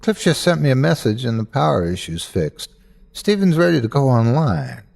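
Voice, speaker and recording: A man's voice: mid-range voice, very animated, normal speed, gravelly, a little mellow. A man voicing a kind female scientist boss with a soothing Southern accent and a motherly manner. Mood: reassuring.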